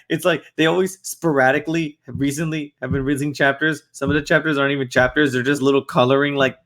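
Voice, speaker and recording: A young man co-hosting a podcast in casual chat, animated, swearing a lot and laughing often. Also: on the high side. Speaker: podcast co-host.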